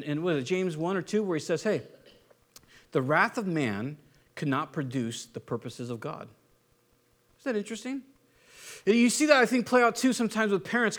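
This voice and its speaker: A man's voice: high voice, fairly bright tone. Conversational male pastor preaching. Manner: conversational preaching with rhetorical questions. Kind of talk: sermon.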